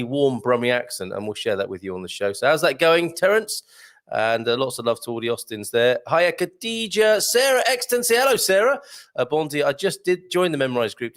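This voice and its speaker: A man's voice: medium pitch, fairly bright tone. A man hosting a live online morning show, chatting and jokily reading viewer comments aloud. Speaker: host.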